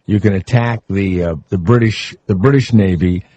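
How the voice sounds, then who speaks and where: A man's voice: low voice, moderate pace, warm tone. A man hosting a talk radio show, chatting loosely and joking with guests and callers, rambling with fillers. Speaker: radio host. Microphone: studio microphone.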